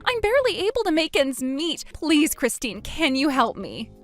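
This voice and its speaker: A woman voicing a desperate, self-pitying adult sister-in-law who pleads and whines, her voice jumping high. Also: big pitch swings, moderate pace, faint music behind. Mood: pleading. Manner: pleading, whiny, pitch jumps high. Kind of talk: storybook narration.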